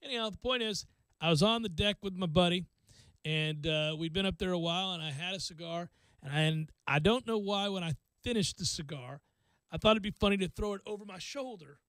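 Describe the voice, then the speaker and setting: A male radio host telling a self-deprecating story in casual talk, acting out quotes with lively energy. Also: high voice, brisk, no room sound.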